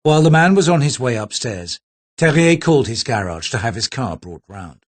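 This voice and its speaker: A man narrating a thriller audiobook in a steady, low-key way. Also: normal speed. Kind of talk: scripted narration.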